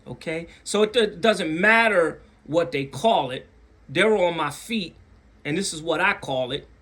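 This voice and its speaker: A man's voice: lively intonation, unhurried, pushed and bright. A man hosting his own channel, telling a story casually to camera, repeating phrases for emphasis and acting out other people's voices. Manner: acts out other people's voices with big pitch jumps.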